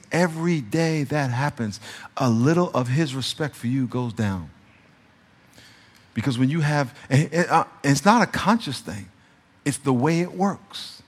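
A male pastor preaching a conversational sermon, shifting between soft, confiding passages and emphatic peaks. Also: on the high side. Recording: reverberant church hall sound.

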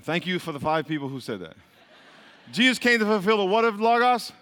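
Fairly quick and sing-song, his high, slightly bright voice rings through a hall with long reverb. He teaches the Bible to a congregation in call-and-response fashion, repeating his questions, drilling the listeners and laughing often.

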